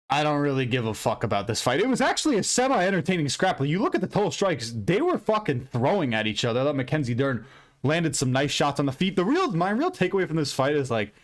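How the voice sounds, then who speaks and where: A man hosting an MMA recap channel, ranting loudly and profanely in an unscripted, rambling way. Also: on the high side. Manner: loud, profane, heated and emphatic; rambling with frequent restarts and fillers. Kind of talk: unscripted fight recap rant.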